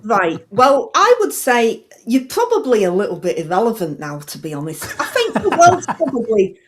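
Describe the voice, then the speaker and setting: A brash middle-aged female politician with a lilt, talking in a blunt, matter-of-fact way, as a woman impersonates her. Her voice sits fairly high and swoops up and down through every sentence. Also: huge pitch swings, moderate pace. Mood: dismissive. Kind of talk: comedy impression on radio.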